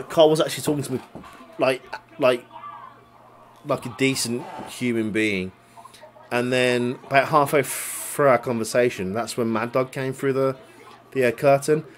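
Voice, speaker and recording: A young man tells a story in casual chat, swearing a lot and laughing along as he goes. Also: medium pitch. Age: young adult. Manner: swears a lot, recounts a grudge; laughs while telling the story.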